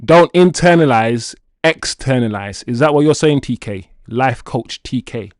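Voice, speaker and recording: A man's voice: medium pitch, unhurried, dry recording, clean studio sound. A man hosting a football livestream, chatting casually and playfully with his viewers and reading their comments aloud. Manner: animated, playful, addresses chat directly. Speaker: football channel host reading chat.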